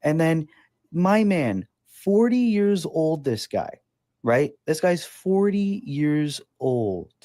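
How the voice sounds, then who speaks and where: A man's voice: fairly high pitch, lively intonation, slow, mellow. A man in his twenties hosting a podcast, ranting in a casual, sarcastic, profane way. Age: 20s. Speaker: podcast host.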